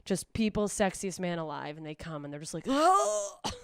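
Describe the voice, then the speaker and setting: A young woman rambles through a self-deprecating stand-up set, speaking straight to a camera with no audience. Her delivery is deadpan, broken by sudden high squeals when she quotes people. The voice is smooth and clear, recorded close and dry. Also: fairly quick, no echo. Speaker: stand-up comedian. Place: club stage streamed with no live audience.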